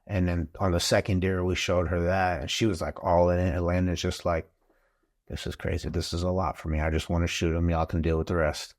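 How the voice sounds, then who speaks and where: A man, a father and guest on a podcast, telling a story in a casual, animated way and acting out what people said. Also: low voice, a little fast, hardly any pauses. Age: adult father of school-age kids. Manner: animated, acts out quotes in the story.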